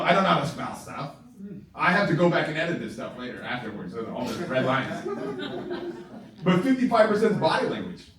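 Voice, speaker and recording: Man, high voice, sales trainer, animated, laughs a lot, very echoey room, distant mic. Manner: animated, keeps checking in with the audience; laughs often while talking. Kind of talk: live training talk to a group.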